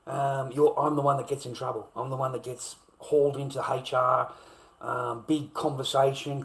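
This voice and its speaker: A man's voice: mid-range voice, creaky, a bit bright. Blunt swearing Australian man ranting. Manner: blunt, repetitive, heavy swearing. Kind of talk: ranting monologue.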